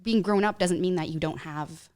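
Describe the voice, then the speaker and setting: A woman's voice: fairly low pitch, moderate pace, darkish tone. A woman guest on a podcast, talking in a chatty, casual way with many "like" fillers. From Canada. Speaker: guest, wedding photographer.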